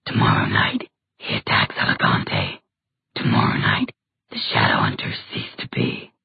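A menacing demon hisses in a deep, breathy whisper, put on by a woman reading aloud. The sound is thin and phone-like, and very dry. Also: wildly swooping pitch, unhurried, dry recording, exaggerated voice. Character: hissing monstrous male demon, menacing.

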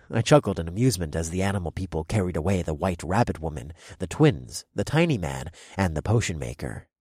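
A male audiobook narrator with a very deep, husky voice, reading first-person fiction in a brash, swaggering way. He is recorded close and dry, with no room sound. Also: big pitch swings, brisk, darkish tone, no echo.

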